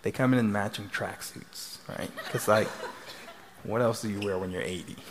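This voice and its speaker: A man's voice: fairly low pitch, moderate pace, a crowd in the background. Chatty man who keeps asking "right?". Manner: chatty, tags sentences with "right?". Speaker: couples therapist. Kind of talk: speaking to a live audience. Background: audience laughter.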